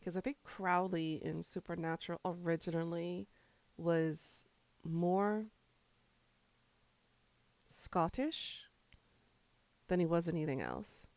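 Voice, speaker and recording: A woman's voice: fairly low pitch, slow, pauses often, a little mellow, no room sound. A woman streamer chatting casually with her viewers, rambling between topics and answering chat while she eats.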